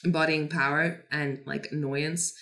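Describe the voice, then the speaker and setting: A woman's voice: sits low, level tone, unhurried, fairly bright tone. A woman co-hosting a fan podcast in casual chat, gushing and swearing freely with lots of fillers. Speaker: podcast co-host.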